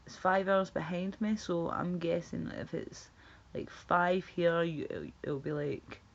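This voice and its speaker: Speaking at a measured pace in a steady, creaky voice on the low side, this Scottish streamer talks casually to viewers from home. She laughs and swears as she goes, over dull lo-fi audio.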